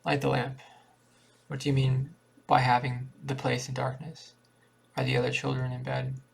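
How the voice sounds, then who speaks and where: A bitter, burly drunk father barks threats across a dark kitchen, read by a man. The voice is gravelly and creaky, pitched in an ordinary middle range. It stays close to a reader's plain storybook delivery. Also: completely flat delivery, moderate pace. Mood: gruff. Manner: barking, threatening.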